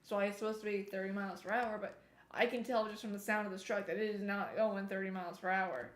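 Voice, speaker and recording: A woman streamer telling a story in a casual, animated way while she plays, now and then breaking off to remark on the game. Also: mid-range voice, quick pace. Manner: chatty, animated retelling, breaks off to comment on the game. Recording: roomy echo.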